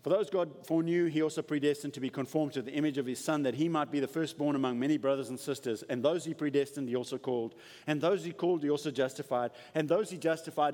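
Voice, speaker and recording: A man preaches with a lively, swooping delivery that sits a little high for a male voice. He acts out quoted voices and drops to soft asides. A long hall reverb trails after his words in the church. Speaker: pastor. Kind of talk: sermon. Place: church sanctuary.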